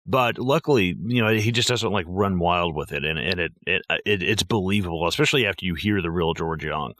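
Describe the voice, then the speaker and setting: A man co-hosting a casual movie podcast, swearing freely and acting out quotes in an animated way. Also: low-pitched, brisk, no room sound, clean studio sound. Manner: animated, profane, acts out quotes. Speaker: podcast co-host.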